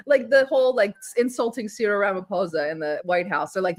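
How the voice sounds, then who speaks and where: A woman's voice: mid-range voice, fairly even intonation, quick pace, few pauses. A woman co-hosting a political livestream, talking in an exasperated, sarcastic way and laughing often. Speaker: co-host.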